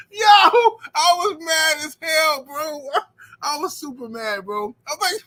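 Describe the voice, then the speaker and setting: A man's voice: extremely high pitch, slow pace, bright, forceful tone, shouting, rough recording. A man hosting a boxing livestream, rambling in slangy casual chat and filling it with "you know what I'm saying.".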